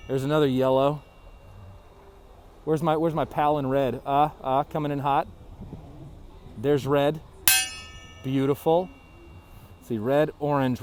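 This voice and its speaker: A man's voice: fairly high pitch, slight background noise. A man giving playful showman-style commentary into a handheld camera outdoors during a race. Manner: loud, jokey showman patter. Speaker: race competitor. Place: outdoors at a resort cable-car station. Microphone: handheld camera turned on himself.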